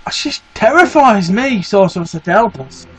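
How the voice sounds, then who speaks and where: A man hosting a game playthrough, excitable and sweary, with mock-scared outbursts. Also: high-pitched, normal speed, slight background noise, low-quality recording. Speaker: let's play host. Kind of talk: gaming commentary.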